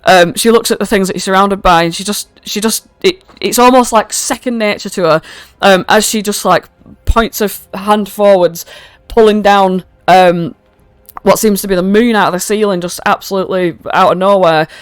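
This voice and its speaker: A woman narrates a tabletop game as game master in a loose, chatty way, swearing and stopping for fillers. Her voice is smooth and clear. The mic is close and dry. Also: mid-range voice, steady tone, moderate pace, dry recording, faint music behind. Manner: casual and swearing, with many fillers. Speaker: dungeon master.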